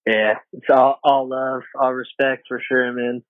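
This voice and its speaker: A man's voice: medium pitch, little pitch movement, unhurried, no echo. A man co-hosting a podcast who asks questions in an easygoing way, with many ums. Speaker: podcast co-host. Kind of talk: casual interview. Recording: phone-like dry sound.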